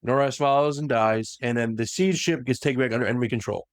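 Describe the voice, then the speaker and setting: Casual podcast host, male, mid-pitched, retells plot with quick voiced quotes; dry close recording. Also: no room sound. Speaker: podcast host recapping lore. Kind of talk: casual lore recap chat.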